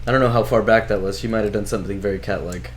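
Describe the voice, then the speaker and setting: A man's voice: fairly low pitch, fairly even intonation, very fast, background noise. A man as a guest on a casual live review show, laid-back and chuckling, blunt in his takes.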